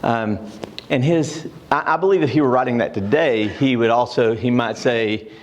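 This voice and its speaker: A man's voice: mid-range voice, normal speed, a little hiss or hum. An older man teaching a church class, telling stories with frequent fillers and restarts.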